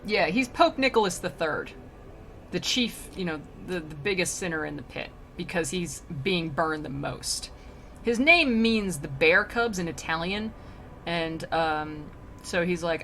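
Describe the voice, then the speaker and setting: A young woman streamer reads a classic poem aloud while working on a craft, riffing on it in casual modern slang and laughing a lot. Her voice is lowish but fairly bright, with lively intonation and a normal pace. There's slight background noise.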